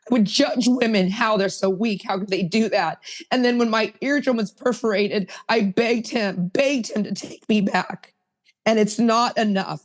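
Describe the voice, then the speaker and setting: A woman's voice: medium pitch, moderate pace. Earnest woman sharing her recovery story. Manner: earnest, rambling, self-correcting. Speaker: recovery meeting participant. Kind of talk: personal sharing at a recovery roundtable.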